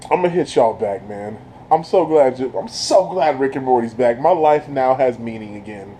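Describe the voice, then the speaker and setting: A man giving an excited, casual recap as a video reviewer, breaking into laughter and breathless from it. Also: mid-range voice, moderate pace, a little hiss or hum, rough recording. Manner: keeps breaking into laughter while retelling.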